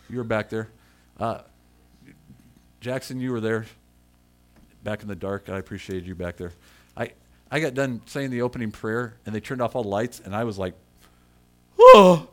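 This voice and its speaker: A middle-aged man preaching a sermon in a conversational way and calling on people in the congregation by name. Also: medium pitch. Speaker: pastor.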